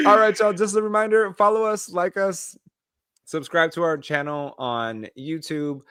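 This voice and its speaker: A man co-hosting a podcast, chatting casually in an animated way with quick asides. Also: fairly high pitch, smooth, no room sound, clean studio sound. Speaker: podcast co-host. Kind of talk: casual chat.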